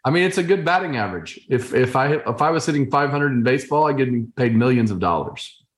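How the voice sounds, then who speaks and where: A man's voice: mid-range voice, expressive, fairly quick. A middle-aged man co-hosting a podcast over a video call, chatting casually in a playful, joking, stop-and-start way. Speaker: podcast co-host. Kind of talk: casual chat. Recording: roomy echo on video call.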